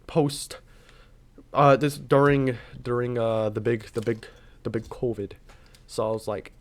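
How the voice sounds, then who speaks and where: Young man, casual storytime, rambling, filler-heavy, middle pitch. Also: normal speed, long pauses. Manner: rambling with constant filler words.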